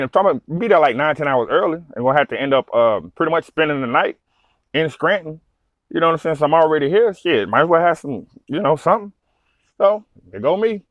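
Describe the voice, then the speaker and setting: A man, a truck driver, telling a story in a casual vlog, animated, swearing freely and full of fillers. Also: on the high side, no echo, lo-fi sound.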